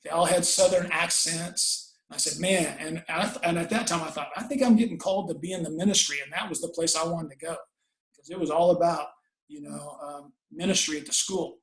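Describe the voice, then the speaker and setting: A man's voice: on the high side, fairly even intonation, fairly quick, fairly bright tone, reverberant, rough recording. A man, a football coach, telling a personal story in an earnest, folksy way during an interview.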